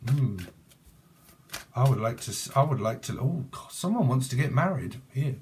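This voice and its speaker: A man's voice: medium pitch, animated, normal speed, a little mellow, slight background noise. Rambling jokey British man reading tarot. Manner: jokey, rambling, free-associating, laughs at own jokes. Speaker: tarot reader.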